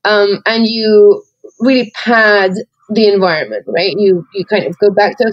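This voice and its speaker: A woman's voice: medium pitch, a little slow, no room sound. Woman podcast co-host, candid, meandering with fillers; muffled, close and dry. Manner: rambling, many "like" fillers, reflective. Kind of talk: candid conversational chat.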